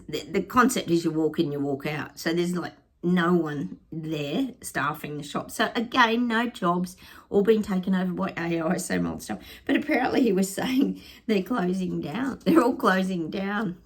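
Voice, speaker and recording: A woman chatting to camera in a sarcastic, laughing way, vlogging to her viewers. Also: lowish voice. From Australia. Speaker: psychic vlogger. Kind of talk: casual chat to camera.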